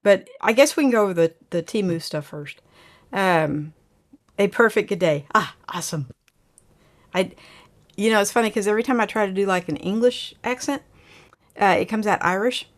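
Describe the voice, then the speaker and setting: A woman's voice: medium pitch, moderate pace, pauses often. Woman host, casual livestream chat, laughs easily, reads out the chat. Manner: chatty, laughs often, reads viewer comments aloud.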